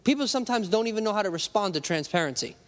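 A man's voice: sits high, animated, racing. A male pastor preaching a conversational sermon, acting out little voices and talking straight to the congregation. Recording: long hall reverb.

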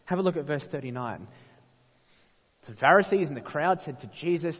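A man preaching a sermon, expressive and full of rhetorical questions. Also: on the high side, a little fast. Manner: expressive, rhetorical questions, acts out quoted voices. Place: church. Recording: long reverb of a church hall.

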